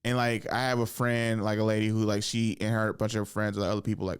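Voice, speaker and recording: A man in his thirties, a comedian hosting a podcast, talking casually in a rambling, profane, animated way in a podcast studio. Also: lowish voice, quick pace, hardly any pauses, smooth. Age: 30s.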